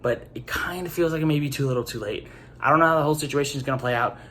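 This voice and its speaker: A young man giving a casual, rambling sports opinion monologue as host, leaning hard on "like" and getting animated. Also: on the high side, rapid-fire, a little hiss or hum. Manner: rambling, animated, heavy use of "like".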